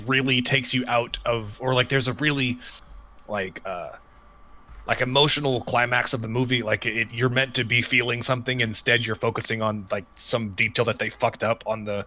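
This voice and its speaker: A man's voice: medium pitch, bright, forceful tone. A man co-hosting a casual podcast chat, rambling, swearing freely and laughing often. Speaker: podcast co-host. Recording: dull lo-fi sound.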